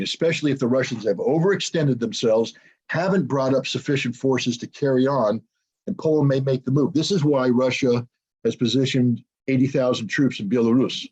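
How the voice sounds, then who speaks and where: A man's voice: mid-range voice, normal speed, a little mellow, breathy edge, lo-fi sound. A man giving blunt, opinionated analysis as an interview guest, often repeating words as he searches for the next one. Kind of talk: unscripted interview commentary.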